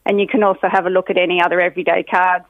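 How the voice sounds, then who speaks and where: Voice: mid-range voice, flat delivery, rapid-fire, no room sound. A middle-aged speaker, chatting cheerfully as a guest on a phone interview. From Australia. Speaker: guest, graphic designer. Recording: tinny phone line.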